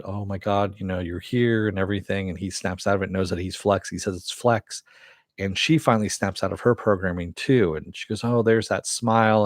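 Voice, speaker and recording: A man's voice: low-pitched, no room sound, clean studio sound. A man casually recapping a TV episode, retelling the scenes in a loose, rambling way and swearing freely. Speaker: TV show reviewer.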